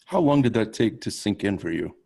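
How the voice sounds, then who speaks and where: A man with a very deep voice hosting a podcast interview. He speaks in a relaxed, conversational way, with small hesitations as he sets up his questions. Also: fairly quick, creaky. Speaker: podcast host.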